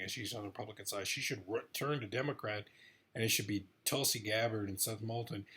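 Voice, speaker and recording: Rambling, husky-voiced man. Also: fairly low pitch. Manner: excitable, rambling, repeats himself. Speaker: political commentator vlogger. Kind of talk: rambling casual monologue.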